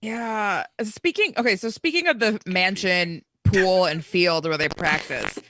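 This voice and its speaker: A woman's voice: medium pitch, animated, a little slow, a bit bright, a little hiss or hum. A woman chatting on a film-review podcast, voicing dry, exasperated complaints. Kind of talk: casual film-review chat.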